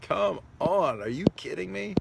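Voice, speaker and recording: A man's voice: high voice, lively intonation, a little slow, gravelly, heavy background noise. A man, a comedian, chatting casually on a live stream, reading comments with self-mocking, mock-indignant jokes.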